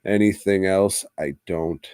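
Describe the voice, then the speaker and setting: A man with a fairly low voice co-hosts a podcast, rambling through a movie review after a few drinks. He swears constantly and laughs partway through his own sentences. His voice sounds dry and close to the mic. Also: fairly even intonation, a little slow, a little mellow, clean tone, no echo. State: drinking, tipsy. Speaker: podcast co-host. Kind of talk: casual profane movie review chat.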